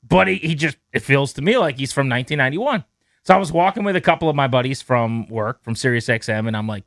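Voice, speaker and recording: A man hosting a sports radio show, telling a story in a lively, animated way and acting out the quotes in it. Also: medium pitch, a little fast, no echo, studio quality. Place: radio studio. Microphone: studio mic.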